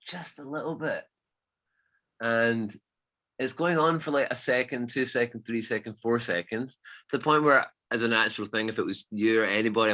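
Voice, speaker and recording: A man, a DJ guest telling stories in a casual, animated chat and swearing freely. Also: medium pitch.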